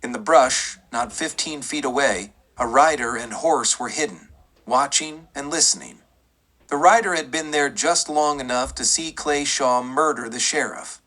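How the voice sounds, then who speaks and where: A man reading a western audiobook in a steady, measured storytelling manner. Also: mid-range voice. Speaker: audiobook narrator. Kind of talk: scripted western audiobook narration.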